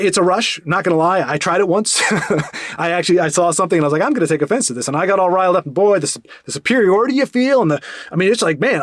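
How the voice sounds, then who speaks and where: A man talks quickly in a fairly high voice, rambling through a casual monologue with many restarts. The sound is dry and close, with no room around it. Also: dry recording. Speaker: podcast host.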